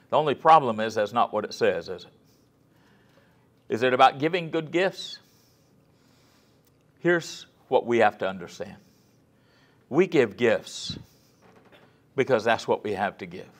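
Guy preaching a lecture, folksy stories, asks the crowd stuff, goes real soft and whispery to make a point, mid pitch. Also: lively intonation, measured pace, pauses often. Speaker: guest lecturer. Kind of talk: lecture sermon with storytelling.

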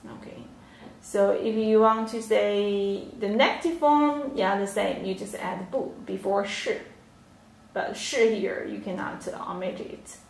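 A woman teaching a livestream language lesson, explaining slowly and patiently with many fillers. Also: mid-range voice, vocal fry, slight background noise. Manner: slow, patient explaining with frequent yeah and fillers. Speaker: Chinese teacher. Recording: roomy echo, a little off mic.

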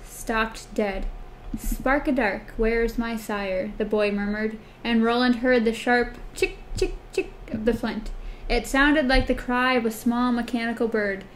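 Chatty woman podcast co-host. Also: a little hiss or hum. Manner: chatty, reads quotes in a soft low voice. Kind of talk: casual book discussion, reading passages aloud.

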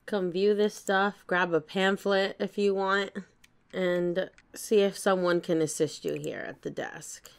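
A woman hosting a let's play, narrating the game story in a chatty, excitable manner and swearing casually. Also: mid-range voice, unhurried, vocal fry, clean tone. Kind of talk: casual gameplay commentary.

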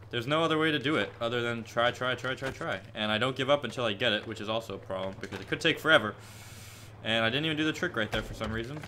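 An 18-year-old man live-streaming gameplay and answering chat questions, chatty and prone to excited, frustrated yelps. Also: mid-range voice, slight background noise. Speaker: gaming streamer. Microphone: headset with headphones.

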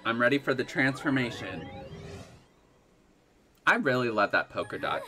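A man giving excitable live gameplay commentary, gasping and laughing as he reacts to the game. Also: mid-range voice, normal speed, soft background music. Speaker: game streamer.

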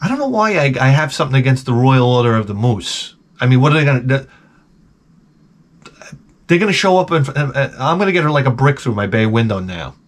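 A man's voice: mid-range voice, very animated, a little fast. Profane, sarcastic New man rambling. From Long Island, New York. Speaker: vlogger. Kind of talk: casual rambling monologue.

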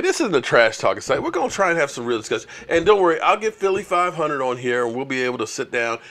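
A man's voice: mid-range voice, a bit bright. A man hosting a casual sports livestream, chatting with viewers and ranting at rival fans. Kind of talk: casual live-stream chat with viewers.

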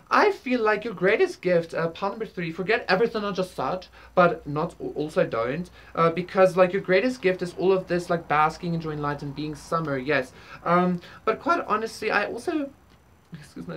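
A woman doing a casual tarot reading, rambling with many fillers and casual swearing. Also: lowish voice. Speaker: tarot reader. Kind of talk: casual spiritual reading to camera.

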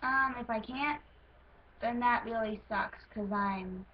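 A woman's voice: a little high, slow. An American woman recording a casual casting-call audition, self-conscious and rambling with frequent ums, on a lo-fi recording with faint hiss. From United States. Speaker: voice actor auditioning.

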